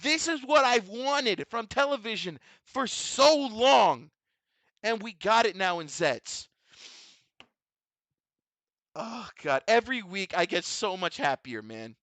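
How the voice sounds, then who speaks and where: Man, fan commentary, gushing, emphatic, repeats himself, swears, high bright voice, dry close sound. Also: big pitch swings, slow pace, long pauses, dry recording. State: emotional, overwhelmed. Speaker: vtuber host reviewing a tokusatsu episode.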